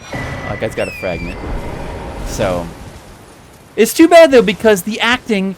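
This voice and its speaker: Rambling animated man gaming. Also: high voice, a little slow. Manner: rambling, animated, mocking movie scenes. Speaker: streamer playing a game. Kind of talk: casual chat while gaming. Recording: noisy background.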